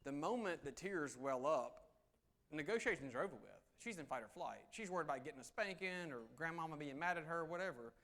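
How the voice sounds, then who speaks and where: A middle-aged man giving a live negotiation seminar, swinging between loud emphasis and soft, low asides. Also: animated, a little fast. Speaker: negotiation speaker. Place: meeting room with audience.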